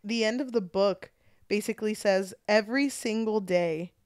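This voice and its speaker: A woman's voice: mid-range voice, moderate pace, smooth, no room sound. Woman on a book podcast, gushing and swearing, dead dry mic, mid voice. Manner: animated retelling with frequent swearing. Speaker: podcast co-host. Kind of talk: casual book chat.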